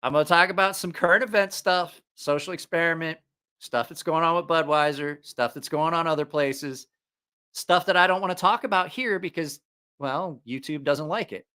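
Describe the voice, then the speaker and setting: A man's voice: a little high, moderate pace, pushed and bright, clean tone. A man with a slight Southeast Ohio accent hosting a casual livestream, rambling and correcting himself as he talks. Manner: rambling, self-correcting, chatty. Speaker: knife reviewer and channel host. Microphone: headphones on, studio mic.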